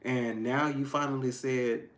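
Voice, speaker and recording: A man giving a casual tarot reading to his viewers, emphatic and frank, swinging between loud outbursts and low asides. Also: steady tone, a little slow. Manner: frank and profane, addressing viewers directly. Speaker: tarot reader.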